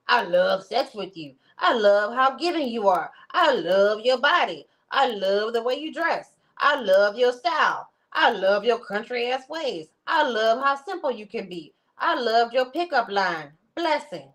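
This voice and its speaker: A woman playing a swooning lovesick woman, high and drawn out. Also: expressive, fairly bright tone. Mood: gushing, swooning. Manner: overdramatic, swooning, drawn-out words. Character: lovesick woman gushing over her man.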